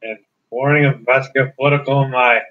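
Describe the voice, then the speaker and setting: Talking at a quick pace with fairly even intonation, a mid-voiced man hosts a casual let's-play. He's hesitant and rambling, with frequent restarts, captured on a muffled lo-fi recording.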